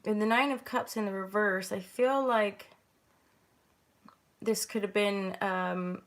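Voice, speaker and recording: A woman's voice: fairly even intonation, takes it slowly. Chatty woman reading tarot. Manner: chatty, rambling, bursts into higher greetings. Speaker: host and tarot reader. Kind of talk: casual intuitive tarot reading.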